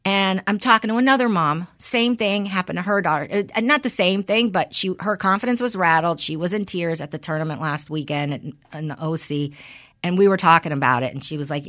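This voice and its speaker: A middle-aged woman with a fairly low voice tells a story in a loose, conversational way. She is blunt and swears freely, and she vents her frustration as she hosts her podcast. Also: fairly bright tone. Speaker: podcast host. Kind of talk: casual chat.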